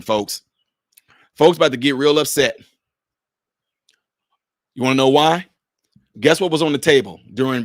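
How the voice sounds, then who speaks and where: A man's voice: mid-range voice, no room sound, clean studio sound. A man from Chicago giving a heated political commentary, preachy and mocking, talking straight to his viewers.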